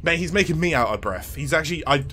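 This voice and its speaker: Excitable sweary streamer man. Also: on the high side, fast, slight background noise. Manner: swearing, laughing, excitable reactions. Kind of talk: live game commentary.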